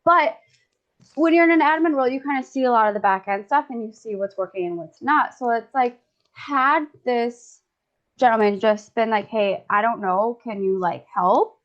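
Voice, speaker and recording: A woman's voice: a little high, lively intonation, moderate pace, lo-fi sound. A woman chatting casually, rambling with many "like" fillers and laughing often. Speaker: guest discussant. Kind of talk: casual chat.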